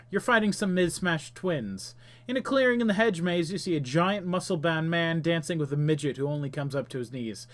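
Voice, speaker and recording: A man's voice: a little high, a bit bright. A man hosting a game stream, chatting casually and reading the game's text aloud while muttering to himself as he plays.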